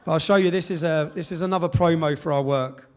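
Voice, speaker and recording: A man's voice: on the high side, fast talker, smooth. A man giving a speech at a live event, telling stories emphatically with reported dialogue and tag questions. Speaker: public speaker.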